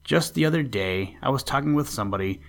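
A man hosting a story podcast, reading a children's classic aloud in a calm, unhurried way. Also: medium pitch, a little hiss or hum. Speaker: storyteller host.

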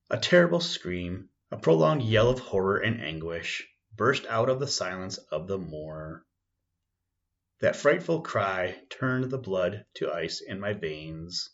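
A man narrating a first-person story in a measured, dramatic reading, on a dull lo-fi recording. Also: sits low, sing-song. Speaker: audiobook narrator.

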